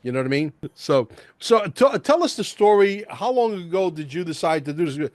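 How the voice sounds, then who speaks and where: A male host in casual interview chat, excitable and rambling, peppering his talk with "bro" and "like". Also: high-pitched, moderate pace, no echo.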